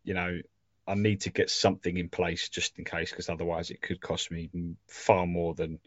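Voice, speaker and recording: A man's voice: deep voice, little pitch movement, moderate pace, dry recording, dull audio. A young adult man co-hosting a podcast in casual chat, rambling and self-deprecating about being an emotional fan. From England. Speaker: podcast co-host.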